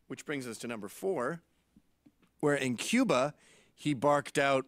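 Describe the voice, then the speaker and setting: A man's voice: fairly high pitch, a little slow, dry recording. A man in his late forties, from Canada, telling irreverent comic stories in a podcast monologue. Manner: irreverent, animated storytelling. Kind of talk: comedic monologue.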